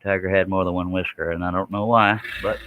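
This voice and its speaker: A man's voice: low voice, flat delivery, a little fast, very noisy. A man, chatting casually with viewers while he works a scroll saw on a livestream. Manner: folksy, chatty, reads out viewer comments.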